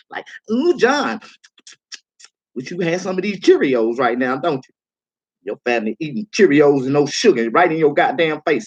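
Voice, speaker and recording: A livestreaming comedian, a man, giving a profane, heated rant that swings from calm to shouting. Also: medium pitch, breathy edge, dull audio.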